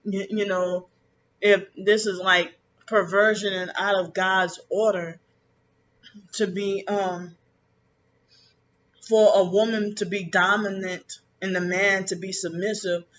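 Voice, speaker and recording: A man talking in a casual personal monologue, rambling and halting with many restarts, bitter and resentful about his family. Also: sits high, little pitch movement, a bit bright. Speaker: vlogger. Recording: dull lo-fi with faint background noise.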